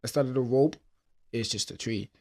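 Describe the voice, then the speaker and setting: A man's voice: mid-range voice, a little fast, darkish tone. A man hosting a personal podcast, retelling a film with emotion and many fillers. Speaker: podcast host. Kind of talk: casual personal talk.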